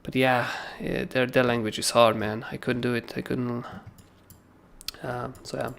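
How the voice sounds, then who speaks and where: A man hosting a crypto trading livestream, talking through charts in a casual, animated way and often asking "right?". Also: mid-range voice, measured pace, vocal fry.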